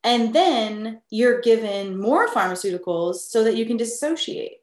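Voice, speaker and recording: A woman's voice: fairly high pitch, animated, unhurried. A woman host in a conversational interview, plain-spoken and validating. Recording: echoey room.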